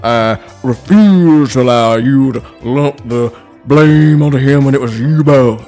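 A man's voice: mid-range voice, a little mellow, close to an everyday voice. A man acting out a fussy, prim male assistant in an improvised comedy sketch, scolding and long-suffering. He drags out his words. Faint music plays underneath. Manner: prim, scolding, drawn-out addresses of "boys".

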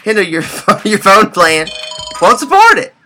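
Bright, playful comedy co-host man. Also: high voice, wildly swooping pitch, normal speed, faint music behind. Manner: playful, theatrical, self-mocking. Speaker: podcast co-host. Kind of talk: comedic banter.

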